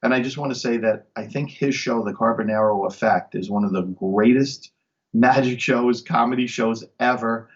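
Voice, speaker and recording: A magician from Long Island, New York, is an interview guest chatting casually, telling stories with enthusiasm and an upbeat manner. He has a mid-range voice and a moderate pace. The recording is muffled.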